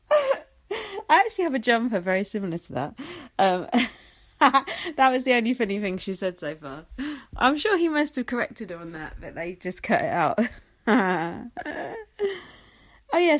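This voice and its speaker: A young adult woman hosting her own podcast, talking alone in a sarcastic, foul-mouthed way with frequent laughs. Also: medium pitch. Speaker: podcast host. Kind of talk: casual solo commentary.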